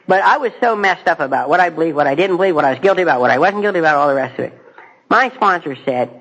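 A man's voice: fairly high pitch, expressive, rapid-fire, fairly bright tone, rough recording. Self-mocking middle-aged man telling his story. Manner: direct to audience, asks questions. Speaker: speaker at a recovery meeting. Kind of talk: personal testimony talk.

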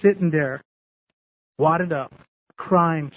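A man's voice: sits high, moderate pace. A man candidly sharing his recovery story with a group, talking in a repetitive, storytelling way. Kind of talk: personal testimony to a group. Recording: tinny phone-like radio sound.

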